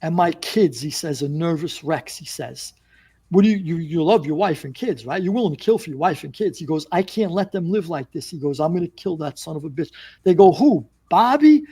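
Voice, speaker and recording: A man's voice: on the high side, brisk, husky. A man telling a long story as a podcast guest, acting out what people said. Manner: animated storyteller, acts out quotes. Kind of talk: casual storytelling.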